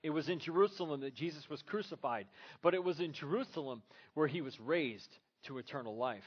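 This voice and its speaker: Earnest male pastor preaching, slightly high voice, rhetorical questions, muffled lo-fi sound. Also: a little fast, breathy edge. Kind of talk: sermon.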